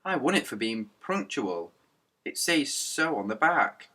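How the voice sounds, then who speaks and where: A man's voice: medium pitch, big pitch swings, a little slow, pushed and bright, recorded from a distance, exaggerated voice. A man voicing a cheerful, proud dad who announces things theatrically while reading a children's story. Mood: upbeat.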